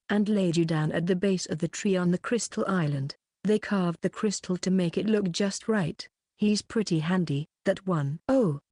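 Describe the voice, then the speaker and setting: A woman narrating a fantasy light novel audiobook, reading the dialogue in an even, unhurried way without distinct voices. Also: lowish voice, no room sound, studio quality.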